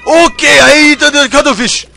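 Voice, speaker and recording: A young man putting on a loud, over-the-top cartoonish caricature voice, yelling in broken grammar. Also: very high-pitched, steady tone, fast, gravelly, music in the background, voice pushed up. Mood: loud, exaggerated. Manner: yelling, broken grammar, exaggerated put-on accent.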